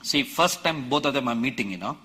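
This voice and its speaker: Man, sermon, bright, husky, slow, emphatic, dramatic quoting. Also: medium pitch, animated. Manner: emphatic, rising to shouts, dramatic quoting of scripture. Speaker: preacher. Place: large conference hall.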